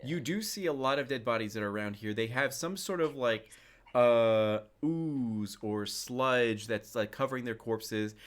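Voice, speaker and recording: Male game master, mid-pitch, rambling scene narration with lots of fillers. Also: a little slow. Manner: loose, filler-heavy description.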